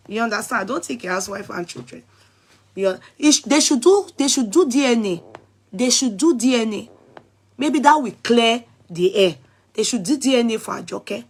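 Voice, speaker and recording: A Nigerian woman vlogger giving animated, scolding commentary, repeating her points and calling out viewers. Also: mid-range voice. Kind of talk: casual commentary.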